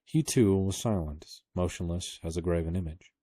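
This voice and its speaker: A man reading a book aloud to his kids, telling the story at a steady pace. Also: deep voice, moderate pace, breathy edge, no echo, studio quality.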